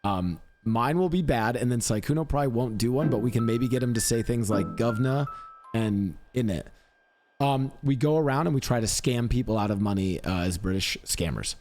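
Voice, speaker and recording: A man's voice: mid-range voice, moderate pace, darkish tone, soft background music. Upbeat rambling male streamer. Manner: rambling, upbeat, self-mocking. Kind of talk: casual chat.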